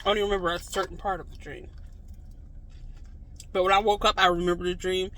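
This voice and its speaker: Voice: medium pitch, brisk. A vlogger telling a story casually to the camera, rambling with lots of "like" and "you know" and acting out reactions. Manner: animated, acts out reactions in quotes.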